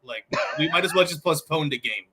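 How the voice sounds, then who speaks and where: A man co-hosting a casual talk show, joking with quick asides. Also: on the high side, animated, noisy background. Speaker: co-host. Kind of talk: casual podcast chat.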